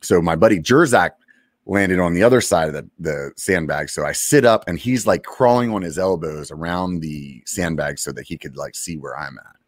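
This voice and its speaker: A man in his forties, a military veteran, casually telling a story from his service, laid-back and profane with lots of fillers and pauses. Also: low voice, no echo, studio quality.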